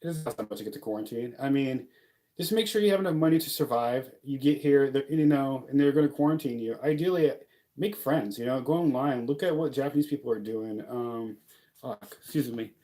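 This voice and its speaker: A man's voice: mid-range voice, fairly quick, mellow, slight background noise. A young man chatting casually in a vlog, rambling and joking, with many fillers and laughs. He is from the United States. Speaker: vlogger living abroad. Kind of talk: casual talking-head vlog.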